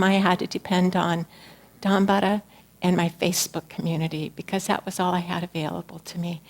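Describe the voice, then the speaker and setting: A woman giving a personal spiritual talk to her community, speaking in a gentle, earnest, reflective manner. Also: mid-range voice, creaky.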